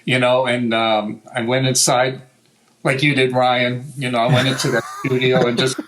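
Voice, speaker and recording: An older American man, a guitar maker, telling a story in a lively, casual way, swearing now and then and acting out what people said. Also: medium pitch, normal speed, slight background noise, low-quality recording. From United States. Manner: animated, swears, acts out quotes. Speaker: guest luthier.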